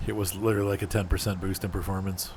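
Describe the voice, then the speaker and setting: A man's voice: sits low, flat delivery, racing, darkish tone, a little hiss or hum. A man streaming a driving game, chatting casually and answering viewers in chat by name as he plays. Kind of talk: casual gameplay commentary.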